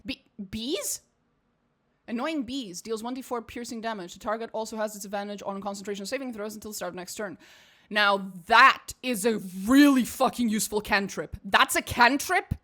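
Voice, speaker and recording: Profane woman streamer with a high voice. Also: normal speed, bright, forceful tone. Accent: mixed British and American English. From Portugal. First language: Portuguese. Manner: profane, rambling, reads game text aloud. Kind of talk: casual gaming stream commentary.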